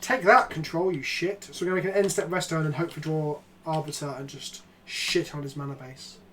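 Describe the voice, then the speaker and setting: A man, streaming a card game in casual, jokey chat that breaks into loud excited outbursts. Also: fairly high pitch, a little fast. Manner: swearing, joking, excitable outbursts.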